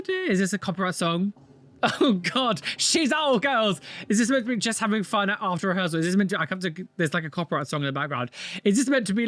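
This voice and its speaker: A man hosting a reaction video, exclaiming and making camp, quick asides as he comments on clips. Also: sits high, a bit bright.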